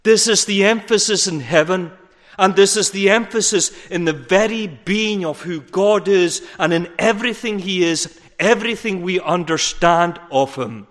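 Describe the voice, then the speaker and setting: A man preaching a sermon in an earnest, measured way, leaning hard on repeated words. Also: high-pitched, fairly bright tone. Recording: hall reverb.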